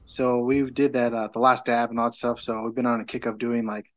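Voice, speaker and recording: A man's voice: mid-range voice, level tone, a little fast, muffled recording. A middle-aged man chatting as a podcast guest, rambling through a story with lots of fillers and restarts. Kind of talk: casual chat.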